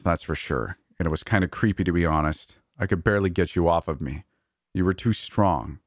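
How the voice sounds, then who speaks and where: A man's voice: sits low, no echo, studio quality. A man doing a joking, reassuring young guy. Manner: casual, joking. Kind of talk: storytelling.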